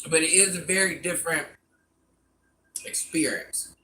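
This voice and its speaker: A woman's voice: deep voice, measured pace, sharp tone. An older woman casually chatting with her viewers while she eats and savors her food on a live stream. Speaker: mukbang streamer. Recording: distant mic with faint background noise.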